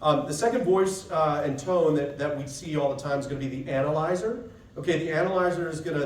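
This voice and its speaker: A man's voice: on the high side, brisk, noisy background. A man giving a casual, conversational seminar talk to trade technicians, often checking in with "right?". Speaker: seminar presenter to dent repair technicians. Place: expo session room. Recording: echoey room, voice picked up from a distance.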